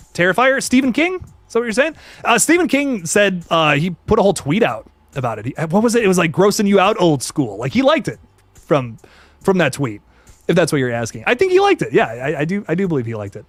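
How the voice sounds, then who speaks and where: A young man hosting a casual live stream, reading chat and reacting with excitable slang and quick restarts. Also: high-pitched, no room sound. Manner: excitable, laid-back slang, frequent laughs and restarts.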